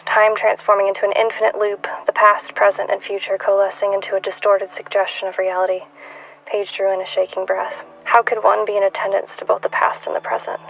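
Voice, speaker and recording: A woman in her twenties reading her own fiction aloud in a measured, hushed way, at times dropping to a whisper. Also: medium pitch, vocal fry, poor audio. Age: 20s. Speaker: author.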